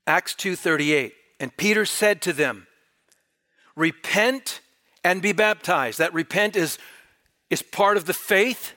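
A man's voice: sits high, slow, bright, forceful tone. A man preaching a sermon, reading scripture aloud and pressing the congregation with emphatic rhetorical questions.

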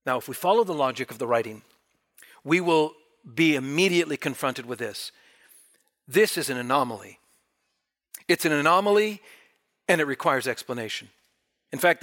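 A man's voice: fairly high pitch, a bit bright. A man preaching a sermon, reading scripture aloud and pressing the congregation with emphatic rhetorical questions.

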